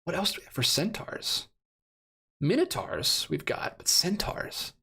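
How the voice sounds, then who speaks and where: A man's voice: on the high side, huge pitch swings, a little slow, creaky, bright, forceful tone, husky. A man in his thirties hosting a casual live stream, rambling and correcting himself as he reads out chat comments, his voice a little worn. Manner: rambling, self-correcting, laughs often. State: losing his voice. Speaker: host of a live stream about movie releases.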